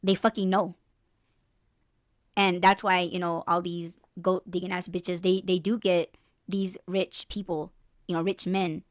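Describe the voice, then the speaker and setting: A woman's voice: lowish voice, measured pace, dry recording, studio quality. A woman hosting a podcast, telling a story in blunt, profane casual chat. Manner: blunt, profane, animated storytelling with mock voices. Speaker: podcast host.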